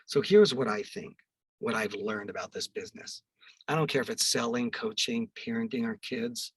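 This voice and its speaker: A middle-aged man, a podcast guest, telling a story in an animated way and acting out the quoted dialogue. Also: medium pitch, normal speed, husky, no echo, recorded from a distance, low-quality recording.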